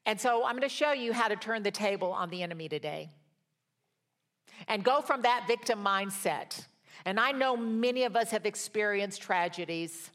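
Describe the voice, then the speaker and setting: An older woman teaching a Bible study in a sermon style, telling stories that move from hushed to rousing. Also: medium pitch. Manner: storytelling, swings from hushed to rousing.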